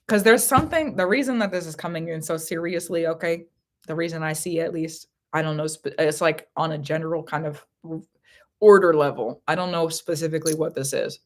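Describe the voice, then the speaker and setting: A woman's voice: on the low side, a little fast. A woman giving a live psychic reading from home, intense and repetitive, breaking into bursts of laughter. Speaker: tarot reader. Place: home living room.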